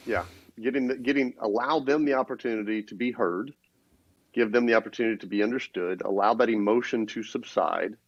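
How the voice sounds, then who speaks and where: Male co-host, lowish voice, measured and explanatory, muffled dry recording. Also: no echo. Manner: steady, explanatory, many restarts. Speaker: podcast co-host. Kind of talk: casual business talk. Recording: dull, dry lo-fi sound.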